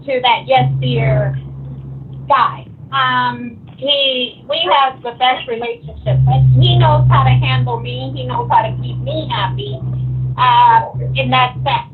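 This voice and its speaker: A married woman speaking as a guest in a casual chat, confident and measured. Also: high-pitched. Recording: distant phone-like line with faint noise.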